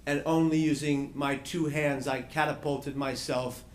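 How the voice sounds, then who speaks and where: A man giving a speech as a panel speaker, telling a personal story with dramatic, slowed phrasing and touches of wry humor. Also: a little high, fairly even intonation, a little hiss or hum.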